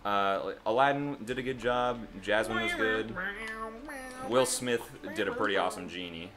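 A man's voice: on the low side, normal speed. A young man co-hosting a let's-play, rambling casually and laughing often, with game music behind him. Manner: rambling, laughs often, breaks into goofy voices. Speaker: gaming channel co-host.

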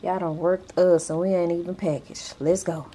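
With a warm tone and a fairly low pitch, this woman talks casually to the camera for her vlog as she goes through her day. Her delivery is flat at a normal speed, chatty and informal, with Southern-style slang. Slight background noise is present.

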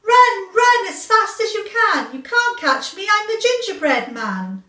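A woman voicing a cheeky little gingerbread boy who shouts a taunting sing-song while running off. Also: very high voice, big pitch swings, a little slow, pitched above the performer's own voice, heavily acted. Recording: echoey room, far from mic.

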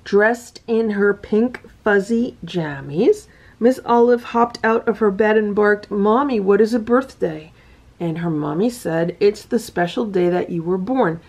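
With her cats as the audience, a woman reads a children's picture book in a soft, sing-song manner, stopping now and then to point at the illustrations. Her voice is mid-range and her delivery unhurried.

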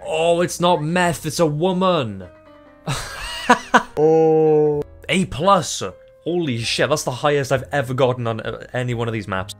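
A man narrating his own gameplay in a rambling, excitable way. He swears freely, breaks into laughter and restarts his sentences mid-thought, over faint background music. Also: a little high, unhurried. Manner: rambling, self-interrupting. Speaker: gaming YouTuber. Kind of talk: gameplay commentary.

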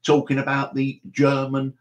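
A man's voice: medium pitch, completely flat delivery, normal speed. A man hosting a live stream, rambling and chatty, with mock exasperation. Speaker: livestream host.

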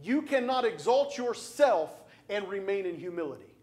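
A man's voice: high voice, very animated, moderate pace, darkish tone. A man preaching a sermon, emphatic and repetitive, putting direct questions to his congregation. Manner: emphatic, repeats phrases for stress.

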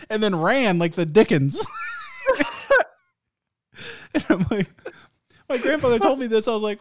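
A man's voice: sits high, big pitch swings, measured pace, pauses often, a little hiss or hum. A young man co-hosting a podcast in casual chat, telling stories with frequent laughter and plenty of swearing. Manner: swears freely, laughs through his stories. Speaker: podcast co-host.

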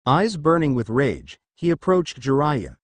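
Expressive male fan fiction narrator. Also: a little high, unhurried, no room sound. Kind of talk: fan fiction audiobook reading.

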